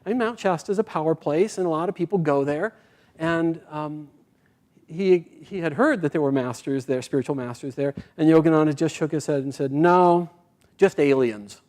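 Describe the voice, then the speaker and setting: A man giving a sermon, telling a spiritual parable in a gentle storytelling manner, his phrase endings trailing off softly. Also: on the high side, brisk. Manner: voices the characters in dialogue. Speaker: speaker at a spiritual community.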